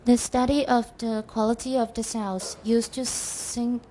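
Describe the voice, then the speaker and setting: Young woman reading aloud, soft and mellow. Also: on the high side, little pitch movement, a little hiss or hum. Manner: careful, halting reading with self-corrections. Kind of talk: reading a textbook passage aloud. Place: classroom.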